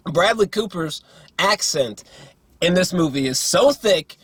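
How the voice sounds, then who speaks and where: A young man giving a casual movie review, rambling and profane, with lots of filler words and throat clearing. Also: sits high, animated, slow, a bit bright, dry recording. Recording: faint background noise.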